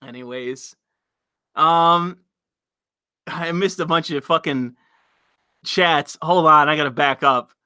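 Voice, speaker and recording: A man with a high, bright, forceful voice rants on his livestream, rambling and swearing as he answers the chat. He tries to provoke his viewers on purpose. His desk mic is close, and the sound is dry. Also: clear, resonant tone, dry recording. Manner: rambling, profane, deliberately provocative. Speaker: livestream host reading chat. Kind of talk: casual livestream rant.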